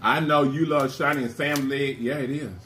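A man's voice: mid-range voice, steady tone, a bit bright, slight background noise. A man hosting an eating vlog, talking playfully to his viewers between bites. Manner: playful, addresses viewers as y'all, food-filled pauses. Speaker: mukbang vlogger. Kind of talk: casual chat while eating on camera.

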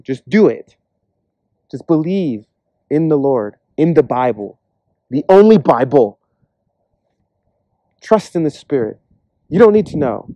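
Earnest man preaching, dark dry voice. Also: medium pitch, no room sound. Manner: earnest, acts out imagined voices in quick asides. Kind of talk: casual sermon.

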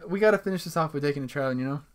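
A man's voice: on the high side, a little fast, crowd noise. A man casually commenting while playing a horror game with his brother, joking around, laughing and swearing.

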